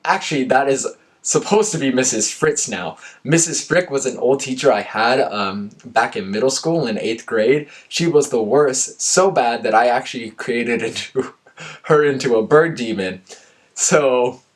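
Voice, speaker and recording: A man's voice: medium pitch, lively intonation, measured pace. A young man with an ordinary mid-range voice reads his old story aloud. He keeps stopping to poke fun at his own writing in a dry, sarcastic tone. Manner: self-mocking, sarcastic asides. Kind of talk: reading aloud with joking commentary.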